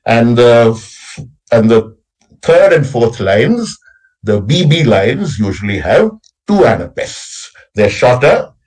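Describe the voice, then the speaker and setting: A man's voice: mid-range voice, very animated, slow pace, darkish tone, poor audio. A man lecturing on poetic meter at a college workshop, explaining patiently and checking in with a frequent "right?". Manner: explanatory, frequent tag "right?", recites lines with exaggerated stress.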